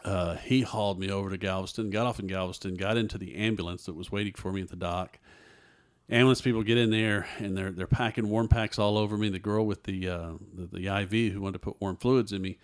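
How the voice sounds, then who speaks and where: A man's voice: sits low, fairly even intonation, fast talker. A man, a guest earnestly telling a personal story in an interview and acting out what others said. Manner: earnest storyteller who acts out others' dialogue.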